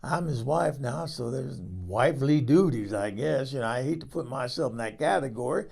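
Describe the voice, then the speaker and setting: A man's voice: medium pitch, animated, normal speed, vocal fry, darkish tone, breathy edge. A man playing a rambling, salty 78-year-old woman who tells her life story in a folksy comic monologue, full of restarts. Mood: fond, rambling. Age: 78 (figure). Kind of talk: comedic character monologue.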